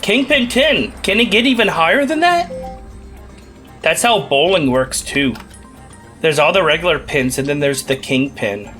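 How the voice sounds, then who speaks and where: Young male let's-player, bright and fairly high, rambling and jokey. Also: animated, unhurried, faint music behind. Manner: joking, rambling, playful asides with laughs. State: recovering from a cough. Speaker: gaming channel host. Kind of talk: casual let's play commentary.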